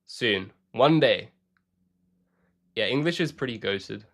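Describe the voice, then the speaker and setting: A man's voice: medium pitch, expressive, slow, fairly bright tone. A young man chatting casually with his live-stream audience while playing chess, joking and answering questions.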